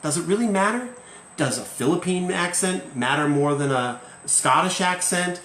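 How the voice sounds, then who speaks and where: Quick talking guy teaching english on a live stream, pushy and emphatic, echoey room with faint noise behind. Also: sits high, lively intonation, a bit bright. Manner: emphatic, keeps asking "okay?". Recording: roomy echo, faint ambience.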